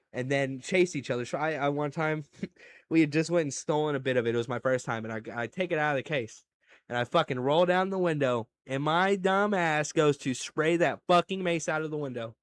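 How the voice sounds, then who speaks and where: A man's voice: fairly high pitch, normal speed. Profane young man rambling on a podcast. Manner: crude, profane storytelling with animated swings in loudness. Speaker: podcast host. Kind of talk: casual solo podcast monologue.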